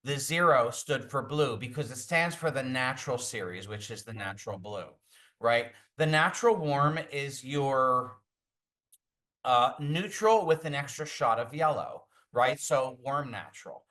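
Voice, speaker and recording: A man's voice: medium pitch, expressive, measured pace, pushed and bright. A man, a hair color educator, explaining color series as he walks through slides in a virtual class.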